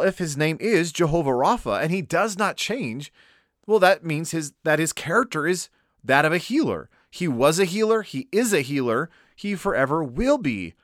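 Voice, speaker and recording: Emphatic male preacher with a lively voice. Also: fairly high pitch, no echo, clean studio sound. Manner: emphatic, slows down to stress key words. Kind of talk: sermon teaching.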